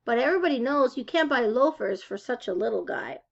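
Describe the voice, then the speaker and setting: A woman reading a children's novel aloud with expressive storytelling. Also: fairly high pitch, brisk, vocal fry, lo-fi sound. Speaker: reader.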